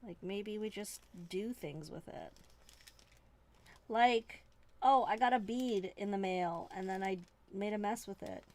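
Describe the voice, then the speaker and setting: A woman's voice: mid-range voice, a little slow, darkish tone. A woman from Canada hosting a live stream, chatting in a rambling, playful, self-mocking way from a desk indoors. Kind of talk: casual live-stream chat.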